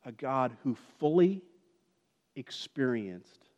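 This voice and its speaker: A man's voice: mid-range voice, sing-song, slow, darkish tone, muffled recording. A man preaching a conversational sermon as a pastor, with joking asides and frequent check-ins like "okay?" and "right?". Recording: long reverb of a large hall.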